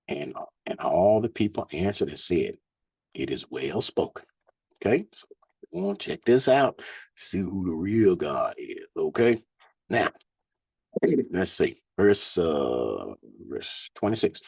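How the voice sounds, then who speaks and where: Husky-voiced man reading scripture, animated. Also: deep voice, unhurried, no echo. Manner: slangy, laughing asides between verses. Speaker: Bible teacher. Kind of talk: scripture reading with casual commentary.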